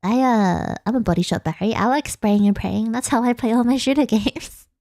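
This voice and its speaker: A woman's voice: a little high, moderate pace, darkish tone, no echo, clean studio sound. Giggly Australian woman streamer. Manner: giggly, rambling, self-deprecating. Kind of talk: casual late-night chat stream.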